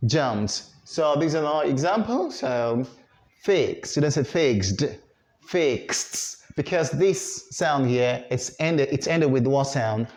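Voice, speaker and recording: A man's voice: mid-range voice, a little mellow. A man teaching English pronunciation, repeating sounds and words for learners to echo, with frequent fillers and self-corrections. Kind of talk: pronunciation lesson.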